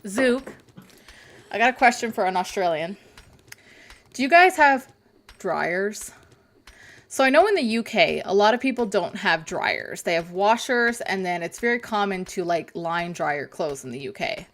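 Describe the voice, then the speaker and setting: A woman's voice: medium pitch, animated, a little slow, a bit bright. A young woman chatting on a live game stream, rambling, laughing and swearing casually. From North America.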